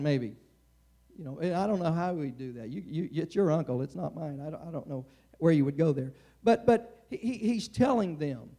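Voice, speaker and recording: A man's voice: on the high side, mellow. A middle-aged man preaching a sermon in a conversational way, often restarting and stammering.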